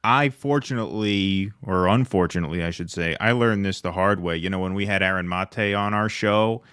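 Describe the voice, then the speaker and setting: A man's voice: low voice, normal speed, a bit bright, smooth, dry recording, clean studio sound. A man hosting a podcast, talking in a loose, rambling way full of hedging asides. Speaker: podcast host. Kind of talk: casual commentary chat.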